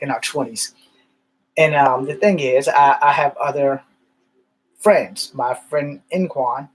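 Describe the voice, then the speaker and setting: A man in his thirties from the United States, telling stories in a rambling, casual monologue that grows animated as he retells conversations. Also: on the high side, low-quality recording. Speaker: vlogger.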